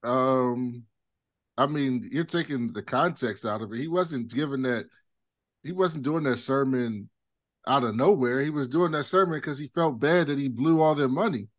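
A man co-hosting a podcast in casual chat, pushing back calmly and hedging with fillers. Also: medium pitch, normal speed, no room sound, clean studio sound. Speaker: podcast co-host.

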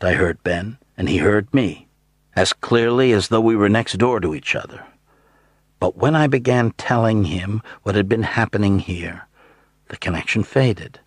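A man narrating an audiobook in the first person, measured and steady. His voice sits very low with a husky edge, and the close, dry studio mic keeps every word near. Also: no echo.

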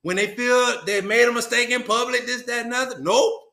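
A man's voice: very high voice, normal speed, pushed and bright. A man, a podcast guest, telling a personal story in an earnest, colloquial and emphatic way. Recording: roomy echo.

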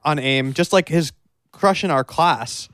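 A man's voice: fairly high pitch, measured pace, no echo. Man chatting with a dry, close sound. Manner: animated, swearing, storytelling. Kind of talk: casual chat.

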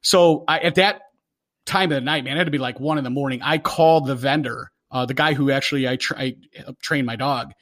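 A man in his forties telling a casual story about police dog work, acting out the quotes loudly. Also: medium pitch, fairly quick. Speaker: podcast host, former police K9 handler.

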